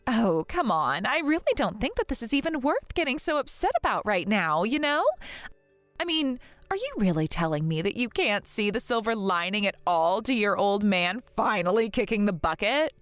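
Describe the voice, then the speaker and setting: A woman's voice: medium pitch, expressive, normal speed, fairly bright tone, no echo, soft background music, close to an everyday voice. A woman playing a sneering, snobbish rich girl. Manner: mocking, sing-song and contemptuous. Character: haughty, snobbish rich young woman sneering at her sister-in-law. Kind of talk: voiced animated story drama.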